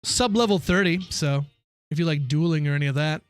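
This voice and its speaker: A man's voice: fairly high pitch, lively intonation, brisk, smooth, dry recording. A young man chatting casually with his viewers during a game live stream. He is chatty and opinionated, ranting with slangy asides.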